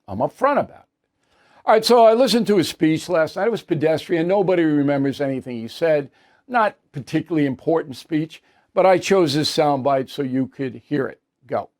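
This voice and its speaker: A man's voice: fairly high pitch, lively intonation, a little fast, darkish tone. A male host giving opinionated news commentary in a blunt, combative and dismissive way.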